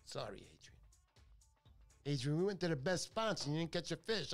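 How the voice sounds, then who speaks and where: A man's voice: mid-range voice, expressive, a little fast, soft background music. A man hosting a talk show, telling stories in a chatty, joking way that drifts off topic. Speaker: radio show host. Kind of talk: casual talk-show storytelling.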